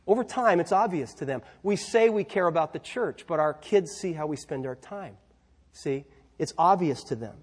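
Husky, high-pitched preaching man. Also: lively intonation, normal speed. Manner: conversational preaching, asides and rhetorical questions. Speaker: pastor. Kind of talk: sermon. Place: church.

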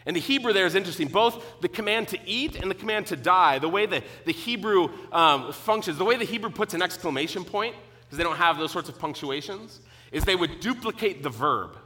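A middle-aged man preaching a sermon, earnest and emphatic, teaching with pauses and restarts. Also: high voice, animated, sharp tone. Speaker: pastor.

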